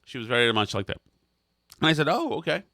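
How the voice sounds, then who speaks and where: Bright-voiced man telling rambling stories. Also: medium pitch, quick pace, slight background noise. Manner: rambling, self-mocking anecdotes. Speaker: podcast co-host. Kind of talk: comedic storytelling chat.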